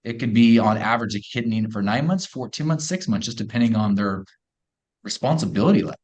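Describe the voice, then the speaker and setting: A middle-aged man with a low voice talks up his product as a podcast guest. His delivery is an energetic pitch with folksy turns of phrase. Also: fast. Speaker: company co-founder guest. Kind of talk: podcast interview.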